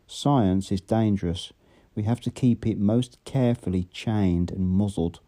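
A man's voice: lowish voice, dark tone. A man voicing a sardonic world-weary controller. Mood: measured. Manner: measured, dry and sarcastic.

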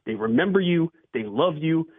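Male guest over a tinny phone line, pitched a bit high, dry sound, relaxed storytelling. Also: normal speed, no echo. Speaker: podcast guest, former country radio host. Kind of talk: casual interview chat.

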